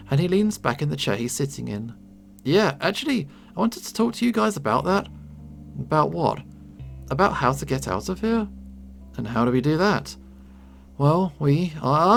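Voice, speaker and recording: A man reading a visual novel aloud, voicing the narration and the characters' lines with light pitch changes. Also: gravelly. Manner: reads narration and dialogue, lightly shifting pitch between characters. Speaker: game narrator.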